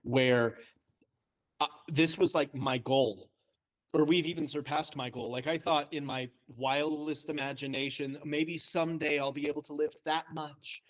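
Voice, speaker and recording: A man's voice: fairly high pitch, steady tone, unhurried. Chatty self-deprecating young man. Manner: chatty, self-deprecating storyteller, laughs often. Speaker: co-host, trainee. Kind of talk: casual podcast chat.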